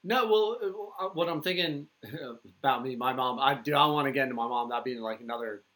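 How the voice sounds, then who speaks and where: A man's voice: mid-range voice, a little fast, fairly bright tone. A man hosting a podcast, talking frankly and profanely in casual chat about his home life. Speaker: podcast host.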